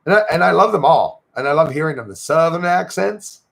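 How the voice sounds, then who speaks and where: A man's voice: on the high side, lively intonation, brisk, vocal fry, a bit bright. A man with a Québécois French accent, casually chatting with viewers and thanking them by name on his livestream. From Quebec, Canada. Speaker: livestream host. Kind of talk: casual livestream chat reading comments.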